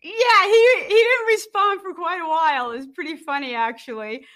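A woman's voice: very high-pitched, moderate pace, a bit bright. A woman hosting a music podcast, speaking with enthusiasm and steering the conversation toward songwriting. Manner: enthusiastic, encouraging, steers the talk. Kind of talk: casual interview.

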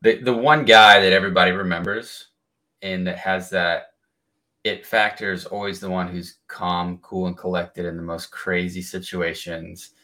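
A man co-hosting a podcast, talking animatedly and breaking into excited exclamations. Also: deep voice, moderate pace. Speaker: podcast co-host. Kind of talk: casual chat.

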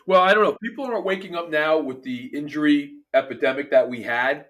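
A man's voice: on the high side, a little fast, fairly bright tone. A man with a New Jersey accent, a performance coach talking emphatically in a casual podcast chat, often restarting his phrases.

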